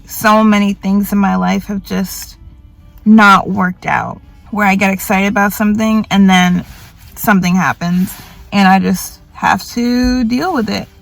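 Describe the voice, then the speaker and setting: A tired young woman rambles about her worries in a casual confessional vlog from a grocery store, mocking herself and voicing other people in put-on tones. Her medium-pitched voice is gravelly and unhurried, in a dry recording with soft background music.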